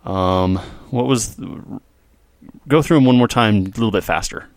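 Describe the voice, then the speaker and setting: Playful low-voiced male podcast co-host. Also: moderate pace, no echo. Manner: playful, tells jokey stories with lively asides. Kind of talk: casual chat.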